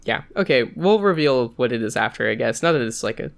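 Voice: mid-range voice, expressive, fairly quick, vocal fry. A podcast host who chats hesitantly with many fillers, then reads a story aloud. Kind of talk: casual chat and story reading.

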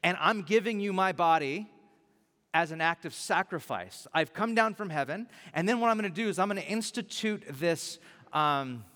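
A male pastor preaching a sermon, animated and emphatic, repeating key lines for weight. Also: sits high, normal speed, in a large hall.

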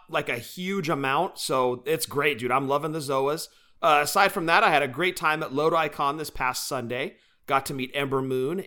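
A young man co-hosts a casual podcast, chatty and playful as he tells stories. His voice is bright and forceful and sits a little high. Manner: chatty, playful, animated storyteller. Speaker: podcast co-host. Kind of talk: casual chat.

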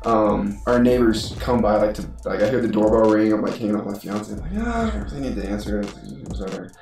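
A man's voice: on the low side, fast, faint music behind. A young man from Utah telling a story in a casual chat, acting out other people's lines and laughing often. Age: young adult. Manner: animated, acts out quoted voices, laughs often. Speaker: college football player, podcast co-host.

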